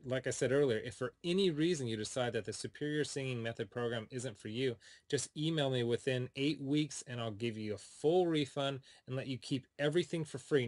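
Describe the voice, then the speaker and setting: A man, a singing teacher, delivering an upbeat, persuasive sales pitch for his course straight to the listener. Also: dry recording.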